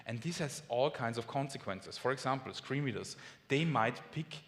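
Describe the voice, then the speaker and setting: A man from Austria with an Austrian German accent, explaining lively at a conference talk, German his first language. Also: medium pitch, moderate pace. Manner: lively, friendly explaining with small restarts. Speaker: conference speaker. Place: large conference hall. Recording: long hall reverb.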